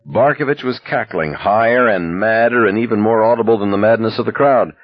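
A man narrating an audiobook in an expressive, dramatic reading. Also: on the low side, a little fast, few pauses, no room sound, highs cut off.

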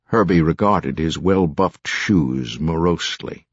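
A man reads a novel aloud at a slow, measured pace. His voice is low and husky. The recording is dry and slightly dull. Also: lively intonation, dry recording. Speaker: audiobook narrator. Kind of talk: scripted narration. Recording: dull, muffled dry studio sound.

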